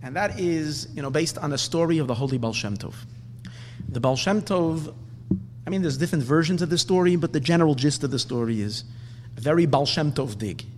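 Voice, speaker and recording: Animated man teaching a religious class. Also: a little high, brisk, in a large hall, slight background noise. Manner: animated storyteller with frequent restarts. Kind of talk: storytelling Torah lesson.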